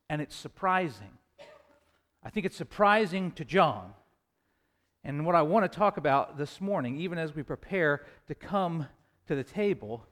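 High-voiced man preaching a sermon. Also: a bit bright. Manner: earnest preaching, rising emphasis on scripture quotes. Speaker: pastor.

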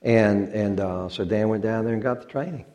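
Speaking at a moderate pace with a warm voice on the low side, a male pastor talks casually to his congregation in the church sanctuary. He's folksy and humorous, lengthening words for effect.

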